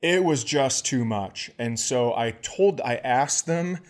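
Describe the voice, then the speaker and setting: A podcast co-host, male, spins a comic anecdote in an easy, chatty voice. He jumps into other people's voices mid-sentence, pitching up for the quotes, then drops back to his plain telling. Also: slow pace. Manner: animated storyteller acting out quoted people. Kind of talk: casual comedic storytelling.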